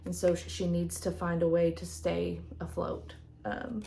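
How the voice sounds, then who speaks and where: A woman's voice: lowish voice, level tone, unhurried, gravelly, a little hiss or hum. A woman vlogger chatting casually as she shows her tarot decks, rambling with lots of fillers. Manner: rambling, soft-spoken, many fillers.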